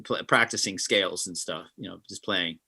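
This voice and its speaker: Brief: guest musician, bright forceful voice, lively anecdotes, plays out every quote. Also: male voice, low voice, moderate pace, vocal fry, husky. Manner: animated, acts out quotes. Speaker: session guitarist, guest. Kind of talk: interview storytelling.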